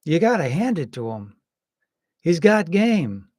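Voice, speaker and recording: A man giving casual, rambling political commentary, hesitant with many pauses and some wry jokes. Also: fairly high pitch, very animated, darkish tone, no room sound, studio quality. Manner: wry and joking.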